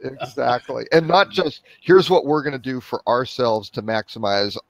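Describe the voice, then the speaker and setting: A man's voice: mid-range voice, animated, normal speed, dry recording. A man on a live web panel show, talking in a reflective way and often checking for agreement. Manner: reflective, asks for agreement with "right?". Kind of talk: casual panel talk.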